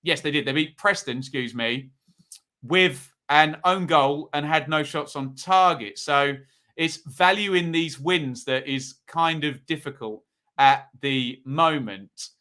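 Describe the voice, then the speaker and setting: A man's voice: fairly high pitch, takes it slowly, bright, forceful tone. A man hosting a live football preview, chatting and reading out viewer predictions. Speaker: football podcast host.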